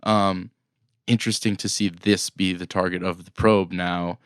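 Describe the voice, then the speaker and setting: Low-voiced guy recapping the week's business news, clean smooth voice, dry close mic. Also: normal speed, no echo. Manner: relaxed, chatty, many fillers and restarts. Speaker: podcast co-host. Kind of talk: casual news recap chat.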